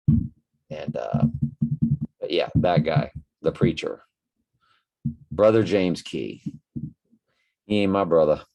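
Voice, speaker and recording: A man's voice: low-pitched, gravelly, a little mellow. A tired man hosting a casual livestream, reading out viewer comments in a rambling, musing way with many fillers.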